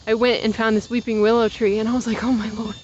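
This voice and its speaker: A woman's voice: on the high side, level tone, fast talker, lo-fi sound, a little hiss or hum. Rambling chatty woman vlogging on a walk. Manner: rambling, chatty, trailing off into side stories. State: slightly out of breath from walking uphill. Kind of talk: casual chat while walking outdoors. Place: outdoors on a walk.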